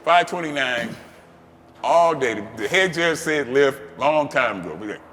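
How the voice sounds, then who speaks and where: A man hosting, telling a story casually, swearing freely and breaking into loud, animated outbursts. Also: mid-range voice, normal speed, in a large hall, a little hiss or hum. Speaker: host.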